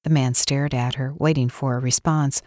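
A woman reads a novel aloud in a low, grounded voice, measured and expressive. The sound is close and dry with no room around it. She paces the story calmly. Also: no echo. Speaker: audiobook narrator. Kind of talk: scripted narration.

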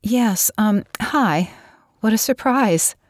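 A woman voicing a sleepy, tongue-tied young nurse with a voice raspy from sleep. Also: medium pitch, expressive, slow, no echo, studio quality, pitched above the performer's own voice. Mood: flustered. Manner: grumbling, nervous.

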